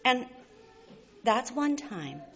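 In a slightly high, sing-song, somewhat bright voice, a Canadian woman speaks extremely slowly while telling her personal faith story. Her delivery is heartfelt and earnest, tearful with laughter breaking through. The slightly dull recording carries faint hiss.

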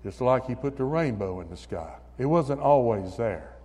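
A man preaching a sermon in church, building to shouted hallelujahs and calling on listeners by name. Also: mid-range voice, expressive, moderate pace. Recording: long reverb of a hall.

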